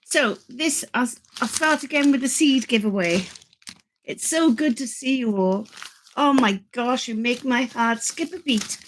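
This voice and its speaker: Chatty older woman, slow and rambling. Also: fairly high pitch, a little hiss or hum. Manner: chatty, rambling, excitable, with many restarts. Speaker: channel host. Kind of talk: live stream chat with viewers.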